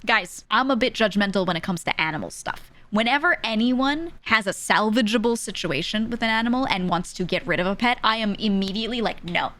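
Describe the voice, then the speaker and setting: A young woman streamer telling a story in a casual, animated way, often laughing and acting out the people she quotes. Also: mid-range voice, a little fast, hardly any pauses, slight background noise.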